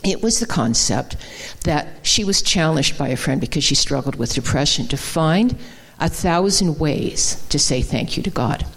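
A woman who is a guest speaker delivers an informal, folksy sermon in a conversational style, full of fillers and restarts. Her voice sits low and sounds slightly rough, animated, at a normal pace.

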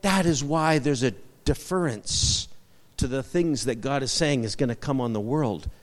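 A man's voice: medium pitch, normal speed, in a large hall. A male pastor preaching a sermon, repeating short emphatic phrases and asking the congregation for amens.

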